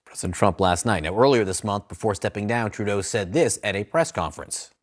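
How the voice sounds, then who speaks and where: A male news anchor reading headlines and introducing reports in a brisk, scripted way. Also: fairly low pitch.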